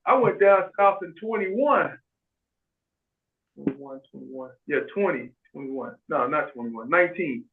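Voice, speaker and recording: Animated man on a tinny video call. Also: a little high, a little slow, vocal fry. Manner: animated, acts out quoted voices, frequent restarts. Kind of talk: casual storytelling in a video call.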